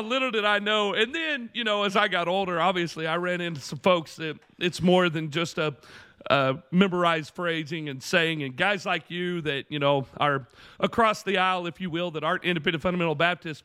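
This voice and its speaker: A man's voice: a little high, pushed and bright, smooth. A man hosting an interview, telling a funny story and acting out the voices. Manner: comic storyteller, acts out voices. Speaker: podcast host.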